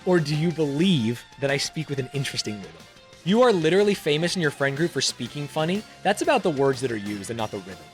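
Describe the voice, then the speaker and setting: A man's voice: on the high side, quick pace, soft background music. A young man who makes online videos, reading quiz questions aloud in casual commentary, swearing freely and laughing often. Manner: animated, profane, laughs often. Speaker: YouTuber.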